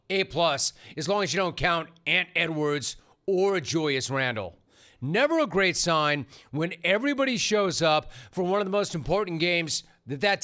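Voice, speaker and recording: A man's voice: fairly high pitch, sharp tone. A middle-aged man hosting a sports talk show, delivering an opinionated monologue in a punchy, sarcastic way. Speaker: sports radio host.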